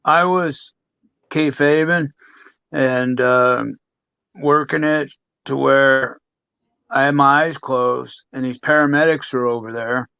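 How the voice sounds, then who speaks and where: Gravelly-voiced man telling a story. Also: medium pitch, steady tone, takes it slowly, bright, forceful tone, no room sound, lo-fi sound. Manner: rambling, fills gaps with "you know". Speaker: guest, former pro wrestler. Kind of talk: casual storytelling in a podcast interview.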